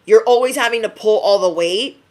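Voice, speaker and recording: A woman's voice: mid-range voice, fairly quick, a little mellow. Chatty laughing woman giving a reading. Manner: chatty, laughing, slips into playful quoted voices. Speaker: tarot reader. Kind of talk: intuitive reading to viewers.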